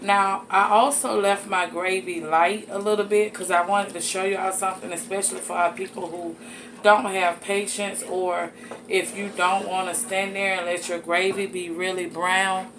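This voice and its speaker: A woman's voice: mid-range voice, little pitch movement, normal speed. Woman, cooking host, folksy chat, home kitchen, background noise. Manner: folksy, chatty, addresses viewers as y'all and honey. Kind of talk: casual cooking demonstration.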